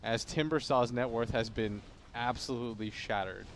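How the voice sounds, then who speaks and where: A man's voice: mid-range voice, normal speed, slight background noise. A man giving esports color commentary in a blunt, sarcastic way. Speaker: esports caster.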